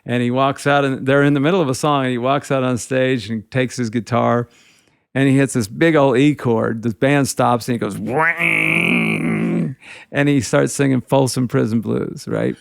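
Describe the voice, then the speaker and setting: Middle-aged male guitarist, gravelly, casual rambling storyteller. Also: medium pitch, fairly even intonation, moderate pace, dry recording, studio quality. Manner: rambling anecdotes peppered with "you know". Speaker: guitarist telling tour stories.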